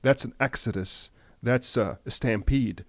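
A man giving impassioned news commentary, emphatic at times and dropping to a hushed, grave tone. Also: medium pitch, unhurried, no echo. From United States.

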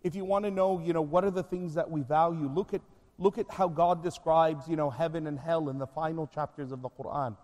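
A man's voice: on the high side, steady tone, a little fast, a little mellow. A man speaking as a guest sheikh, preaching with emphatic, earnest urging. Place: conference hall. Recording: long reverb of a conference hall.

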